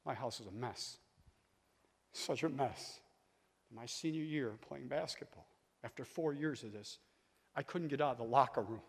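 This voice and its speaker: A man in his sixties preaching a sermon as a guest speaker, telling stories and calling on the audience, swinging from quiet talk to shouting. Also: mid-range voice, normal speed, vocal fry, pauses often, husky. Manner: storytelling, calls on the audience. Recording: long hall reverb.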